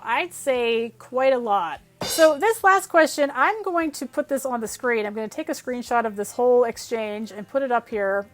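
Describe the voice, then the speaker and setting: Woman host, slightly high voice, casual and self-deprecating in a Q&A. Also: normal speed, few pauses, faint music behind. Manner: chatty, self-deprecating, reads questions aloud then answers. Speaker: YouTube channel host answering viewer questions. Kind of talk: casual Q&A chat.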